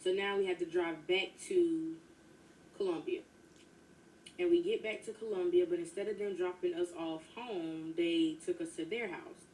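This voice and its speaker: A woman's voice: lowish voice, steady tone, normal speed, a little mellow. A woman telling a personal story in casual storytime narration, chatty and talking straight to her listeners. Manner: chatty, addresses listeners as y'all. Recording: distant mic with faint noise.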